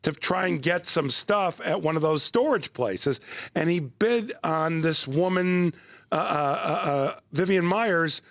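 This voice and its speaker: A man on a comedy talk show as a guest, telling a story in a quick, wry way. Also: fairly high pitch, expressive, gravelly, fairly bright tone.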